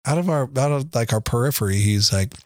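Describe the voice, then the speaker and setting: A man's voice: medium pitch, expressive, fast, no room sound, studio quality. A middle-aged man telling family stories on a casual podcast, rambling with frequent restarts and easy laughs. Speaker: podcast co-host, father. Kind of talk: casual storytelling chat.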